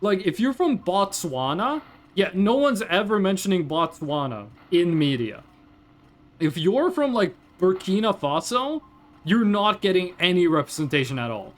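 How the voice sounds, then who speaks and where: Ranting Norwegian woman streamer, native Norwegian speaker, lively and swings her pitch a lot, curses casually. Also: moderate pace. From Norway. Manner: ranting, swears freely, animated. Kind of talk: casual livestream chat.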